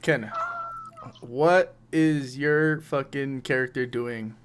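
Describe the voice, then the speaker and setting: Brief: young game master for a home podcast, mid-range voice, loose and profane. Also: male voice, mid-range voice, takes it slowly, clean tone. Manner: profane, laughing banter between scene narration. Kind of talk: casual tabletop game narration.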